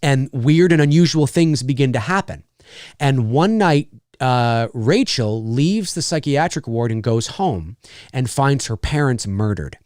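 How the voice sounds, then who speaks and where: Animated rambling man hosting a Q&A. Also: medium pitch, measured pace, no room sound, studio quality. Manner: rambling and animated, full of fillers and restarts, swearing. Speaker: channel host. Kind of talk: casual live Q&A chat.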